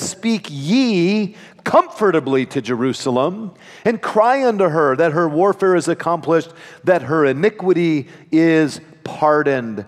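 Man preaching in a reverberant sanctuary. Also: high voice. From United States. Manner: earnest, emphatic preaching with dramatic pauses. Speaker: pastor. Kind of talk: sermon.

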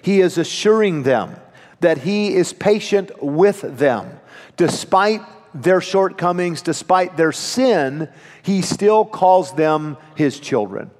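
A man's voice: high voice, expressive, a little mellow. Man preaching in a reverberant sanctuary. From United States. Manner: earnest, emphatic preaching with dramatic pauses. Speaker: pastor. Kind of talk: sermon.

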